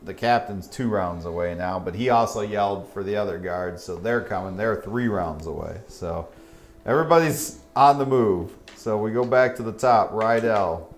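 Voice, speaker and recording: A man's voice: on the low side, normal speed. A man running a tabletop game as dungeon master, talking through rules in a matter-of-fact way.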